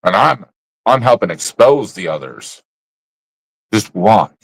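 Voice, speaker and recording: A man's voice: on the low side, big pitch swings, slow, vocal fry, slightly rough, dry recording, low-quality recording. A man streaming live, ranting bluntly about other creators in casual, profane slang. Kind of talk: casual livestream rant.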